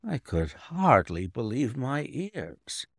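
A man reading an audiobook, voicing a young governess who tells her story in a proud, firm, measured way. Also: mid-range voice, sing-song, breathy edge, dry recording, clean studio sound, heavily acted. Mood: earnest.

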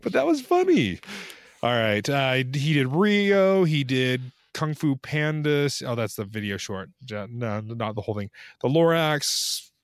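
A man's voice: medium pitch, sing-song, measured pace, no room sound, clean studio sound. A man in his thirties co-hosting a podcast in casual chat, rambling and chuckling with lots of fillers. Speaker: podcast co-host.

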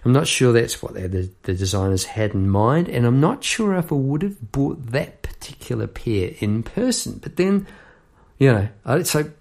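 A middle-aged songwriter hosts his own show with a gravelly edge to his voice. He talks in a loose, joking way, drifting from topic to topic and laughing at his own gripes. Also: mid-range voice, sing-song, normal speed, a little mellow. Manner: chatty, jokey, goes off on tangents with frequent laughs. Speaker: songwriter and podcast host. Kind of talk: rambling casual monologue. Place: home room at a piano.

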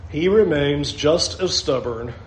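A man's voice: fairly high pitch, animated, takes it slowly, roomy sound, a little hiss or hum, poor audio. A man preaching a sermon as pastor, emphatic, repeating phrases and asking the listeners questions.

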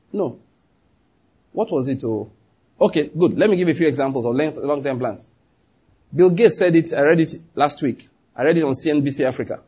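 A male pastor delivers an emphatic sermon in a high, husky voice. He drives each point home and keeps turning to his listeners with questions. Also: dark tone.

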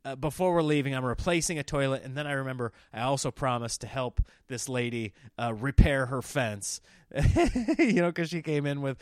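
This Nebraska-born comedian hosts a podcast, talking casually at normal speed and middle pitch while drifting between stories and acting out what others said. It's recorded close and dry, with no room sound.

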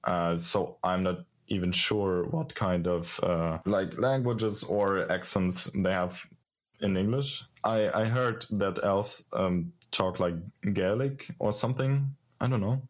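Slow, deep-voiced man with a German accent. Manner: thoughtful, hesitant with many fillers. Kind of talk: casual chat.

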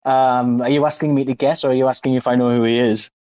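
A man's voice: medium pitch, steady tone, fast talker, a little mellow, clean tone. A man with a North East English accent, cheerful and jokey in a casual chat.

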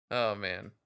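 Laid-back guy co-hosting, bright edgy voice, jokes around. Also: fairly low pitch, gravelly, smooth. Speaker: podcast co-host. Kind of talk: casual music chat.

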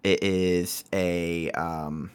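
A man's voice: sits low, fairly even intonation, very slow, clean tone. A man co-hosting a book podcast, stumbling over restarts and speaking emphatically, with casual swearing. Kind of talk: casual book-club chat.

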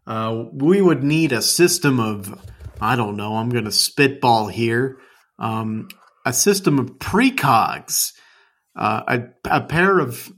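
Male podcast co-host, mid-pitched, loose rambling comedic riffs. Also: lively intonation, slow pace, fairly bright tone. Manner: riffing, rambling, self-correcting. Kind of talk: comedic casual banter.

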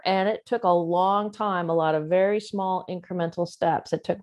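A woman's voice: medium pitch, normal speed, few pauses. Earnest, outspoken woman in her forties. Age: 40s. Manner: earnest and outspoken, with wry asides. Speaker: interview guest. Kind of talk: candid personal interview.

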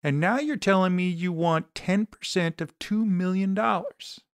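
A man voicing an angry, demanding woman who heads an insurance office, ranting and sharp-tongued. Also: sits high, measured pace, smooth, no room sound, studio quality, voice pushed up. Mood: furious.

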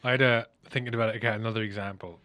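Animated man, bright tone. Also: fairly low pitch, rapid-fire, no room sound. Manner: animated storyteller, swears, mimics accents with loud exclamations. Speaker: podcast host. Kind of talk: casual interview chat.

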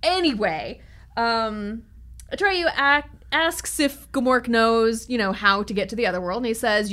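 A woman's voice: a little high, unhurried, bright, forceful tone. A woman co-hosting a casual book podcast who chats loosely with lots of fillers and also reads passages aloud. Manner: chatty, uses many fillers. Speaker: podcast co-host.

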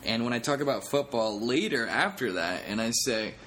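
A man's voice: mid-range voice, animated, moderate pace, fairly bright tone, a little hiss or hum. A man who is a comedian, hosting a casual solo podcast in a rambling, profane way with self-mocking jokes.

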